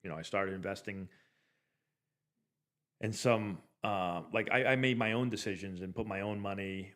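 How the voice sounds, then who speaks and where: Rambling middle-aged man, lower voice. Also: normal speed, a bit bright. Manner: rambling, loose, full of "like" and restarts. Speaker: former pro ballplayer hosting a live stream. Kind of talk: casual anecdotal storytelling.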